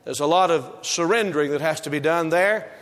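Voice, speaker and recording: A man's voice: a little high, fairly quick, fairly bright tone. A male preacher delivering a sermon with an emphatic, repetitive preaching cadence, recorded in a church sanctuary. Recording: reverberant hall.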